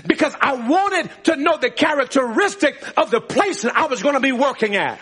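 In a church sanctuary, a pastor preaches a sermon with call-and-response, calling out to the congregation and laughing often. His very high-pitched voice is expressive and fairly bright, at a moderate pace.

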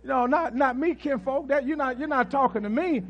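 A man's voice: very high voice, normal speed, muffled recording, voice pushed up. A preacher putting on a flustered, defensive fisherman. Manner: protests in slangy street talk.

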